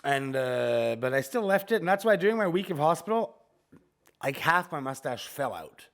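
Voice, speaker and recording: A man co-hosting a podcast in casual chat, telling animated, joking stories while recovering from chemotherapy. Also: fairly high pitch, moderate pace, vocal fry. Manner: animated storytelling, jokey. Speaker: podcast co-host.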